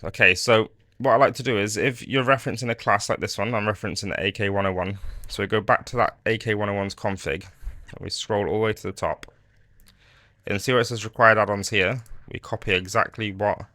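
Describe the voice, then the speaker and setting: Bright-voiced man explaining software. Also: fairly low pitch, no room sound, clean studio sound. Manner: relaxed, rambling explanation with frequent fillers and restarts. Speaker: modding tutorial host. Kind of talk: screen-recorded software tutorial.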